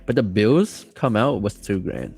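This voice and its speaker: A man as a podcast guest telling a story casually, rambling and excited, with many fillers and restarts. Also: lowish voice, a little slow, gravelly, breathy edge, faint music behind.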